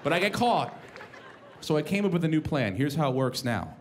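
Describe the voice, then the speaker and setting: A man's voice: fairly high pitch, sing-song, a little fast. A male stand-up comedian from New York with a New York accent, ranting in a profane, exasperated way and acting out bits of dialogue. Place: comedy club stage before a live audience. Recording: live club recording with crowd and room noise.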